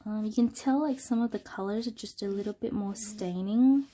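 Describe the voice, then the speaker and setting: A woman with a cold gives a casual, unscripted product review into a smartphone. Her voice is nasal and her tone is warm and mellow. She talks through her work loosely, with frequent ums and pauses. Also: mid-range voice. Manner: relaxed, thinking aloud with many ums while working. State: sick with a cold. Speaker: art channel host.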